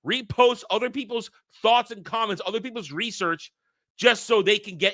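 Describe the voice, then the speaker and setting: A man delivering an angry, profane rant as the host of a commentary channel, sometimes breaking into shouts. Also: sits high, no room sound, studio quality. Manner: heated, profane, shouting at times.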